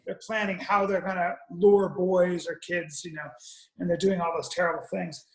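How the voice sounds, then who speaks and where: A man's voice: sits high, flat delivery, normal speed, reverberant, low-quality recording. A man telling a rambling, profane comic story on a podcast, with frequent restarts. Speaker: podcast guest or co-host.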